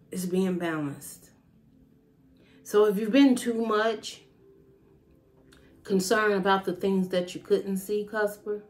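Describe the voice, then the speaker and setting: A woman's voice: medium pitch, darkish tone. Woman, casual tarot reader, mid-range voice, talks off the cuff and meanders. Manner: rambling, intuitive, thinks aloud with fillers. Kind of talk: casual spiritual reading.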